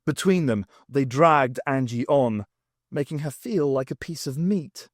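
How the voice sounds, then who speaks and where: A man reading a novel aloud, unabridged, with a wry, expressive delivery. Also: mid-range voice, measured pace, no echo, clean studio sound. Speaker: audiobook reader.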